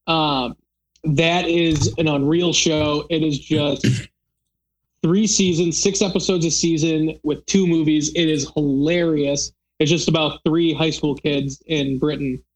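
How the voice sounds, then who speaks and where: A man's voice: fairly high pitch, steady tone, slow, rough recording. Chatty young-sounding man, rambling podcast talk. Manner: chatty, rambling, lots of "like" fillers. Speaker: podcast host. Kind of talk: casual chat.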